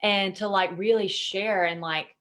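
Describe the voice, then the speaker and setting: A woman's voice: mid-range voice, fairly even intonation, a little slow, fairly bright tone. A woman speaking as a podcast guest, telling personal stories candidly, emotional, with plenty of fillers and free swearing. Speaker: podcast guest, intuitive consultant. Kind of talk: candid conversational storytelling.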